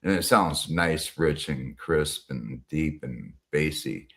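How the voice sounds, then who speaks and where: A man's voice: a bass voice, slow pace, fairly bright tone. A man hosting a live stream, chatting casually and rambling with many fillers and casual swearing.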